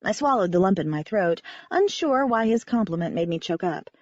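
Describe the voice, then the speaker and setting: A woman reading a first-person audiobook in a wry, expressive narration. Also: mid-range voice, fairly quick, no room sound, dull audio.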